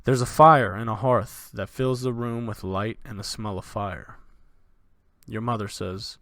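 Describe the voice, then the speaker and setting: A man's voice: on the low side, fairly even intonation, measured pace, a bit bright, no echo. A man narrating as the dungeon master of a tabletop game, in loose, vivid narration full of fillers.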